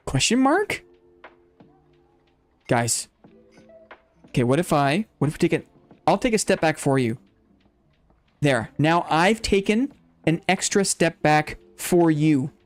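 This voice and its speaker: A man's voice: a little high, expressive, slow pace, long pauses, faint music behind. A man hosting a live game stream, playfully teasing his chat and calling in-game fights like an announcer. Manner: builds hype like a fight announcer.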